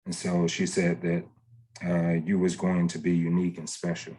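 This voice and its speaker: A man's voice: low voice, monotone, normal speed, dark tone, poor audio. A man giving a casual spiritual reading as a psychic medium, talking hesitantly and rambling with many fillers.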